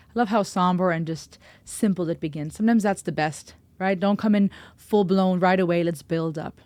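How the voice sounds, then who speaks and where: A woman's voice: lowish voice, normal speed, few pauses, a little mellow, no room sound. Upbeat woman, dry sound. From Germany. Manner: upbeat, chatty and explanatory. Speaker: music reaction host. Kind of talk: music reaction commentary.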